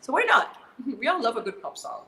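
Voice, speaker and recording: A woman's voice: on the high side, huge pitch swings, fairly quick, bright, forceful tone, echoey room, big-room sound. A woman singer, chatting casually as a guest, bubbly, laughing often and restarting her phrases. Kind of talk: casual video-call chat.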